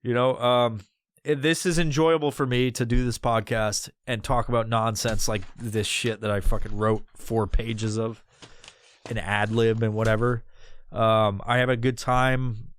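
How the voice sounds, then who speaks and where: A man's voice: medium pitch, fairly even intonation, a little slow, clear, resonant tone, no room sound. A man hosting his own podcast alone, rambling off the cuff in a casual, heavily profane monologue. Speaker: podcast host.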